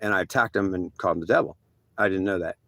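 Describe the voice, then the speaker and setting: Fast-talking gravelly male storyteller. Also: deep voice, a bit bright, no echo. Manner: rambling, with restarts and slangy asides; acts out quoted dialogue in a raised voice. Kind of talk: rambling first-person story monologue.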